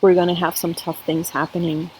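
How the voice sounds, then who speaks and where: A woman's voice: lowish voice, level tone, brisk, a little mellow, a little hiss or hum, low-quality recording. A woman giving a spiritual cup reading to camera, earnest and emotional, talking straight to her viewers. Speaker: tarot and coffee-cup reader.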